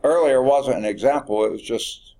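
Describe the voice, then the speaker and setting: A man's voice: mid-range voice, moderate pace, dark tone. A middle-aged man, teaching a math class in an informal, folksy way and thinking aloud as he corrects himself. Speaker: math instructor. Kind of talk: classroom lecture.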